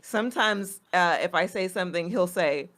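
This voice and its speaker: A woman's voice: lowish voice, moderate pace, fairly bright tone. A woman co-hosting a comedy podcast, telling stories in casual chat and laughing often. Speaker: podcast host.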